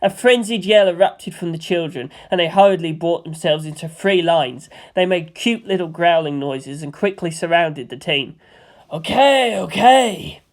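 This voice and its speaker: A woman reading a fan-written story aloud in a lively, expressive way. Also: fairly low pitch, moderate pace, hardly any pauses. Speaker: fanfic reader.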